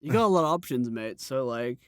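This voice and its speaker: A man from New Zealand with a mid-pitched voice, chatting as a guest in an easygoing, encouraging way with a joking streak. The recording is dry and close, with no room sound. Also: expressive, a little fast, clear, resonant tone, no room sound. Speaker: guest voice actor. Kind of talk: casual interview chat.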